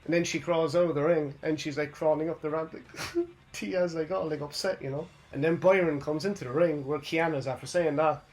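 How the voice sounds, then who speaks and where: A man's voice: fairly high pitch, fairly even intonation, a little fast, hardly any pauses. A young man hosting a casual wrestling recap, rambling along and often tagging on "you know what I mean". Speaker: host.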